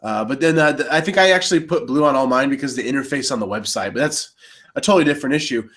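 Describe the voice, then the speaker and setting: A man co-hosting election night coverage in a relaxed panel chat. He rambles, restarts his sentences and gets excited about how voting works. His voice sits at an ordinary middle pitch. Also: quick pace. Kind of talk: casual panel discussion.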